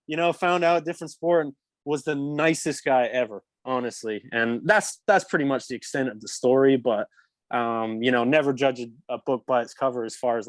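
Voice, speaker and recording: A man's voice: mid-range voice, no room sound. A young man, a former pro hockey player from England, telling a story as a podcast guest in a rambling way full of fillers. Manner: rambling, lots of "like" fillers, laughs mid-story. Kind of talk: casual storytelling.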